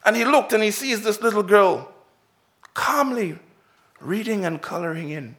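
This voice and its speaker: A pastor gives a children's sermon, telling a story with big swells and drops in loudness and pace, then putting lots of direct questions to his listeners. He has a high voice and speaks at a moderate pace.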